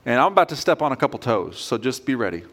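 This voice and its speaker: A man's voice: mid-range voice, very animated, fast talker, a bit bright. A man preaching a sermon as pastor, earnest and direct in a conversational way.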